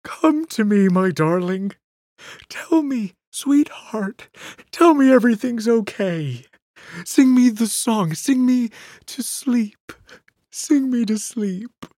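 The narrator voicing a distraught, unstable grown man who wails and pleads in a high, trembling voice. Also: expressive, slow, darkish tone, no echo, studio quality. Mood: pleading.

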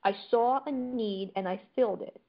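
A woman's voice: a little high, moderate pace. Chatty woman telling stories, lo-fi audio. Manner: chatty storyteller. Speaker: guest. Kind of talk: casual conversation. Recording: dull lo-fi audio.

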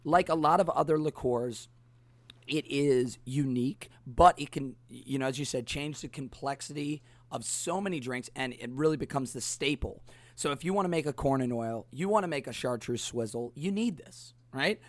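Hosting a casual cocktail podcast, a man rambles with lots of filler words. He has a medium-pitched voice, talks at a moderate pace, and there's no echo.

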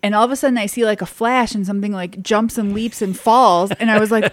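A woman hosting a casual podcast, telling stories in an animated way. Her voice jumps high when she acts out her own panic. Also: brisk, hardly any pauses, dry recording. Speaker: podcast host. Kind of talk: casual chat.

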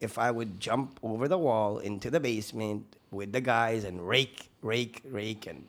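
A young adult man, a construction worker and podcast guest, telling a work story in casual chat, animated and swearing freely with many restarts. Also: fairly low pitch, measured pace.

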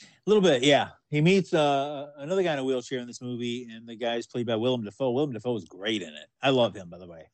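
A man's voice: medium pitch, quick pace, no echo. A man co-hosting a casual podcast chat, agreeable and enthusiastic, chiming in often. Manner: enthusiastic, agreeable, frequent yeahs. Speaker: podcast co-host.

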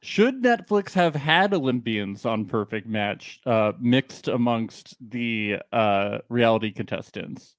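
A man co-hosting a podcast in casual chat, slow and drawn out, with frequent fillers. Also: medium pitch, expressive, no room sound. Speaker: podcast co-host.

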